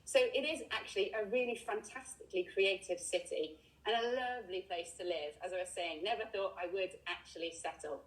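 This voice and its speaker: A woman's voice: mid-range voice, brisk, poor audio. Chatty English woman guiding a tour. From England. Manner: chatty, explanatory, with frequent ums. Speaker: tour guide. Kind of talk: live walking tour chat. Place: outdoors by a river. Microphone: video call.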